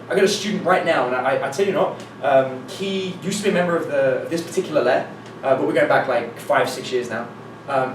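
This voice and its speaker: A man giving a live seminar talk as a dating coach, telling anecdotes in an animated way, acting out dialogue and swearing casually. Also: medium pitch, background noise. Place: meeting room with an audience. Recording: echoey room from a distance, faint ambience.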